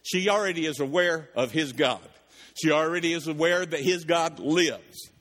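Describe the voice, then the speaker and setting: A man's voice: on the high side, normal speed. Man preaching in a reverberant hall. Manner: reads verses then explains them, with animated asides. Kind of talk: sermon with scripture reading.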